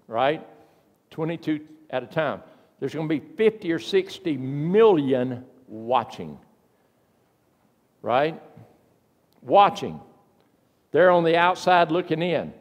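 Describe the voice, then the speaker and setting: An older man preaches in a church, spinning folksy personal stories and punching certain words with sudden loud emphasis. His voice sits a bit high for a man. The sound carries a long reverb from the large church hall. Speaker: pastor. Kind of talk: sermon. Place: church sanctuary.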